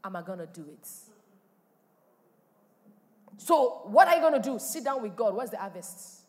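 A woman pastor, preaching a sermon with animated delivery and sudden loud exclamations. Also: a little high, a little fast, in a large hall. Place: church hall.

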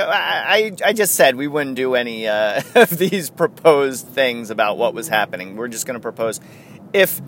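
A man hosts a casual sports podcast, thinking out loud and correcting himself as he goes. His pitch swings about freely and with energy. A faint hum of background noise sits under his voice. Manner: rambling, self-correcting, chatty. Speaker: podcast host.

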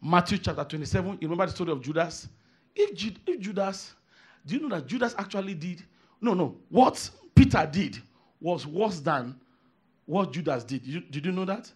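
A man preaching a sermon, emphatic, repeating phrases and swinging from hushed asides to shouted declarations. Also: high voice, very animated, normal speed, breathy edge.

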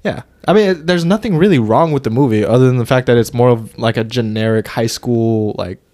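A man's voice: mid-range voice, fairly quick, darkish tone, no room sound. A man co-hosting a casual movie review podcast, loose and jokey, swearing and stumbling over names. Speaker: podcast co-host.

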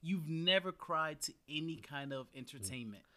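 Lively, bright-voiced young man chatting. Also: on the high side, moderate pace. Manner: animated, teasing, laughs often, swears casually. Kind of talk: casual chat.

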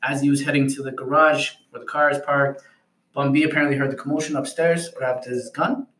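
A man's voice: mid-range voice, brisk. A man co-hosting a casual podcast chat, telling stories loosely with lots of fillers. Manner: relaxed storytelling, many fillers. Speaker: podcast co-host. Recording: roomy echo.

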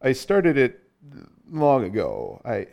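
An actor playing a gentle, muddled, wealthy old madman in a 1940s radio drama, vague and absent-minded. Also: mid-range voice, wildly swooping pitch, takes it slowly, vocal fry, highs cut off, exaggerated voice. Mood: distracted. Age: older.

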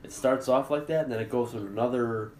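A man co-hosting a podcast, talking loosely and swearing freely as he rambles through his points. His voice sits at a middle pitch and carries a roomy echo, with a faint hiss of noise underneath. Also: brisk, darkish tone. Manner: loose and profane, rambling with many fillers. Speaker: podcast co-host. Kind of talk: casual chat.

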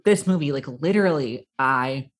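A casual podcast co-host rambles through thoughts about a film, stacking fillers and restarts. The voice sits at an ordinary middle pitch. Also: moderate pace. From America. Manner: rambling, full of "like", animated quoting.

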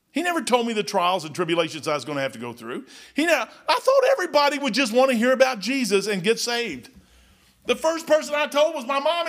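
An older man preaching a folksy, excitable sermon, dropping low and then shouting. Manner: folksy, excitable, swings between murmurs and shouts.

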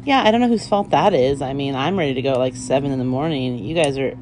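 A woman's voice: extremely low pitch, fast, noisy background. A woman hosting a casual podcast as a mother, laughing often and poking fun at herself. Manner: laughs often, playful and self-mocking. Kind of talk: casual chat.

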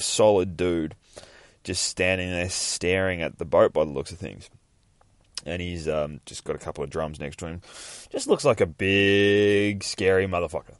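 Low-voiced man rambling through a comic. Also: no room sound, clean studio sound. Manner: rambling and profane, laughing often. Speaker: podcast host. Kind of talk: casual comic book read-through.

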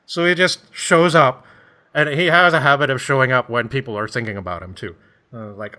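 Man with a bright, mid-pitched voice, chatty and rambling, laughs easily. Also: fairly quick. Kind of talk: casual chat.

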